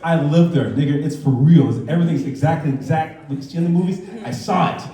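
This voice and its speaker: Barely pausing, a man in his thirties speaks fast in a warm, higher-leaning voice through a loose stand-up set at a comedy club. Audience laughter sits behind his acted-out voices, and the club sound is roomy and distant.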